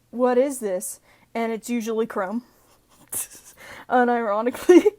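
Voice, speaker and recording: Young woman, casual post reader, playful asides, laughs often, curses freely, higher-pitched voice. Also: darkish tone. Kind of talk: casual reading of posts with commentary.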